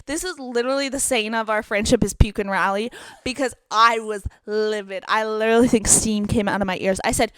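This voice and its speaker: A woman's voice: fairly high pitch, steady tone, brisk, a bit bright, clean tone, dry recording. A woman in her twenties, co-hosting a podcast, animatedly retelling a night out and acting out her friends' lines. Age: 20s. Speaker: podcast co-host. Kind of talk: casual storytelling chat.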